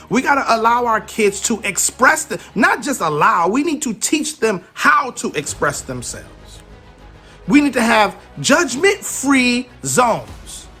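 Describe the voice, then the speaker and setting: An emphatic man in his forties delivers a motivational talk. His voice is high and bright and swings widely in pitch. He speaks with lively, storytelling energy. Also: slightly rough. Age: 40s. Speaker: parenting speaker.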